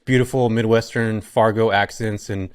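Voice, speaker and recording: A man in his forties from California, a podcast guest telling his story in a relaxed, chatty way with plenty of ums. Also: fairly low pitch, normal speed, clean tone, no room sound, clean studio sound. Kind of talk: casual podcast chat.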